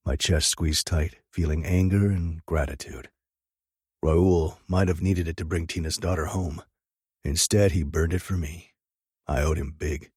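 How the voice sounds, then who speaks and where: A man's voice: sits low, steady tone, measured pace, breathy edge, no room sound, clean studio sound. A man narrating a first-person audiobook with an intense, dramatic reading.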